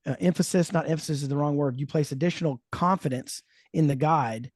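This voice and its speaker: A man hosting a faith-based parenting talk show, telling stories in a thoughtful, animated way. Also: fairly high pitch, fairly quick, dry recording, studio quality. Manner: thoughtful, storytelling, lively emphasis. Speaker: podcast host. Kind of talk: casual chat.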